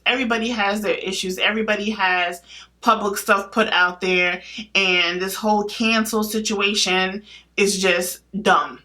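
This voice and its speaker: A woman's voice: medium pitch, measured pace. A woman giving her opinions in a casual vlog, blunt and emphatic, asking herself rhetorical questions and answering them. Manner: blunt and animated, with casual slang. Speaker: beauty vlogger.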